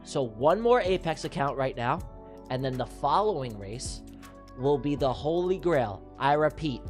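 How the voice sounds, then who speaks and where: A livestream host running giveaway races, calling them with excitable, teasing commentary and repeated catchphrases. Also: medium pitch, a little slow, soft background music. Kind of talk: playful live race commentary. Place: live stream broadcast.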